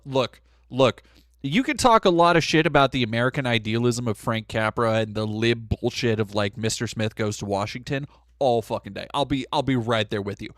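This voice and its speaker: A man's voice: mid-range voice, no echo, studio quality. A man hosting a live stream, ranting casually with lots of swearing. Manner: profane, animated, ranting. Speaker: streamer host.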